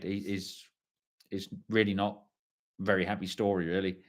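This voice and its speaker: A man's voice: lowish voice, a bit bright. A middle-aged man hosting a live stream, reading viewer comments in a casual, rambling way and swearing freely. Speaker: livestream host.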